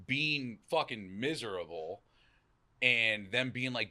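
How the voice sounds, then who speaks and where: A man from the Boston area talks as a guest in a casual interview, his voice pitched a little low but strikingly bright and forward. He tells stories with energy, swearing freely and acting out what others said. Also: a little slow. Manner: animated storyteller, swears, acts out quotes with lively pitch jumps. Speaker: podcast guest.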